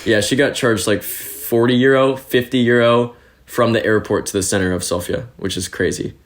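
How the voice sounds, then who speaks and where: A young man from California, a podcast guest, telling stories in a chatty, animated way with plenty of fillers. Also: medium pitch, normal speed. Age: young adult. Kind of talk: casual interview storytelling.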